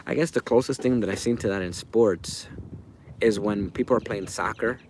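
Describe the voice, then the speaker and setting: A man's voice: lowish voice, normal speed, a little mellow, slight background noise. A man hosting a livestream outdoors, rambling casually and answering viewers in chat by name. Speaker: livestream host. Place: outdoors by a fire.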